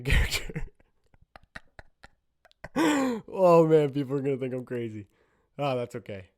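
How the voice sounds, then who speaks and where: A man's voice: mid-range voice, darkish tone. A man hosting a solo podcast, thinking aloud in a giggly, self-conscious way as he tries out voices. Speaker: podcast host.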